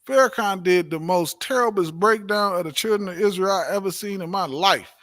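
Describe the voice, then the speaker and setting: A man's voice: high-pitched, a little fast, a bit bright. A man teaching a religious class, preaching emphatically, repeating his points and asking rhetorical questions. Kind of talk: preaching-style class talk.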